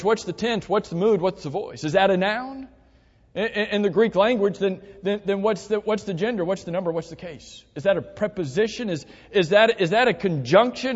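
A man preaching a sermon, teaching earnestly with repeated instructions and frequent restarts. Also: high-pitched. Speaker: pastor. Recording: dull sound with long hall reverb.

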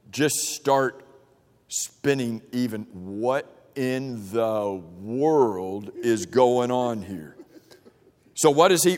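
A man with a medium, slightly mellow voice teaches an interactive Bible class, reading verses and asking the group questions conversationally with frequent restarts. The setting is a church meeting room with a projector, and the sound carries the long reverb of a large space.

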